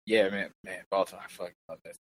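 A man in casual chat, telling stories in a relaxed, enthusiastic way. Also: sits low, fast.

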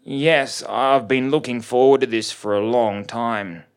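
A man's voice: medium pitch, fairly even intonation, measured pace, clear, resonant tone, lightly acted. A contrite young man, read by the story's narrator in a spoken story. He speaks earnestly and carefully, in an apologetic, well-mannered way.

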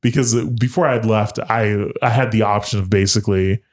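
Low-voiced man telling a candid story. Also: moderate pace. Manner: candid, deadpan, swears freely. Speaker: guest telling a dating story. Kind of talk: casual chat, storytelling.

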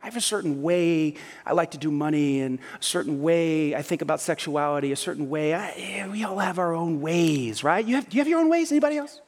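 A man's voice: a little high, animated, fairly quick, few pauses, a little mellow. A male pastor preaching a sermon, firing rhetorical questions at his congregation. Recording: long hall reverb.

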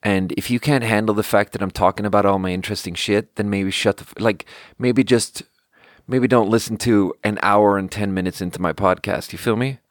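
A man with a fairly low voice hosts his own podcast alone. He rambles loosely, pokes fun at himself and laughs easily. The sound is close and dry, with no room echo. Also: steady tone. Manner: rambling, self-deprecating, quick to laugh. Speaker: podcast host. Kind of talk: casual solo podcast monologue.

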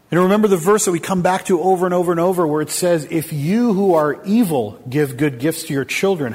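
A man's voice: fairly high pitch, darkish tone, breathy edge. A man preaching a sermon to his congregation, speaking with emphasis and asking them rhetorical questions. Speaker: pastor. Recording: long hall reverb.

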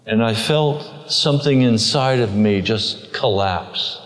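A man slowly telling a personal faith story in an earnest way, his voice rising as the emotion builds. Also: fairly low pitch. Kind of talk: personal testimony. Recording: long hall reverb.

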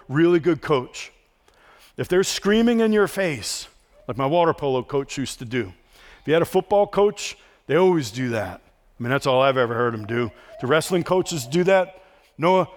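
Man preaching an earnest sermon. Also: a little high. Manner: earnest preaching to a congregation, asks the room questions. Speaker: pastor.

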